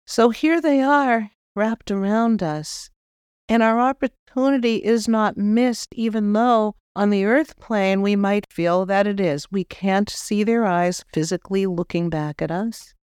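A woman working as a spiritual medium, giving a guided spiritual talk and gently speaking straight to the listener. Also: mid-range voice, unhurried, clean tone, dry recording, studio quality. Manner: gentle, addresses the listener directly with soft instructions.

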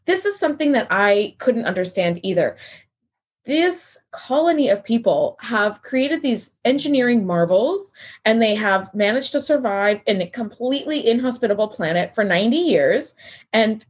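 Husky, chatty woman podcast co-host. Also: a little high. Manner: chatty, enthusiastic, swears casually. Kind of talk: casual chat.

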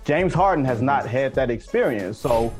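A man's voice: medium pitch, lively intonation, moderate pace, darkish tone, faint music behind. A man making emphatic points as a sports analyst on a debate show.

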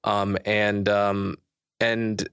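Low-voiced young man hosting a podcast. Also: completely flat delivery, extremely slow, a bit bright, clean tone, dry recording, clean studio sound. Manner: thoughtful, earnest, with frequent restarts. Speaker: podcast host. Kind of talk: casual conversation.

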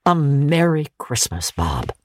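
A woman doing a gruff old miser. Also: medium pitch, lively intonation, measured pace, a little mellow, no room sound, studio quality, pitched above the performer's own voice, close to an everyday voice. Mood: jovial. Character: old male miser, gruff then joyful.

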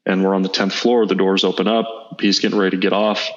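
A man in his thirties, a guest entrepreneur in an interview, telling a personal story in an earnest, halting way with small restarts. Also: low-pitched, little pitch movement. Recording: slightly dull lo-fi audio.

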